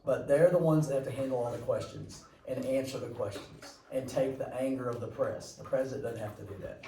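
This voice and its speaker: Guy teaching a class from across the room, mellow low-key voice, echoey room, rambles and cracks jokes. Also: fairly quick, recorded from a distance. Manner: chatty, rambling, jokey asides to students. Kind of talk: classroom lecture.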